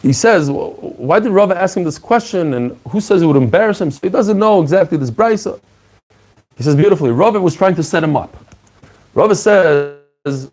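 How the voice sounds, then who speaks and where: Male Talmud teacher, animated, slightly high, acts out the sages' dialogue. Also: moderate pace. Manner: animated, acts out dialogue, mixes Hebrew and Aramaic terms. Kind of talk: lively Talmud class.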